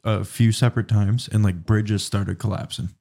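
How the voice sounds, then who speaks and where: A man's voice: on the low side, steady tone, normal speed, gravelly, mellow, breathy edge. A young man co-hosting a casual podcast, explaining things in a loose, rambling way. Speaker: podcast co-host. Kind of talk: casual chat.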